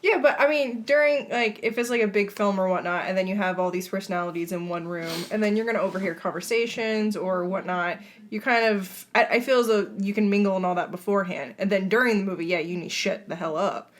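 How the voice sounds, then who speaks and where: A woman's voice: medium pitch, fast talker, few pauses. A woman co-hosting a comedy podcast, chatting casually and hedging her points. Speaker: podcast co-host.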